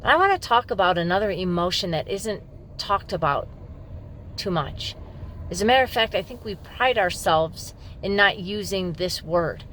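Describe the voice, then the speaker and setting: A woman's voice: mid-range voice, lively intonation, normal speed, fairly bright tone, a little hiss or hum. A middle-aged woman police officer candidly telling a personal story to the camera in an emphatic, frank way.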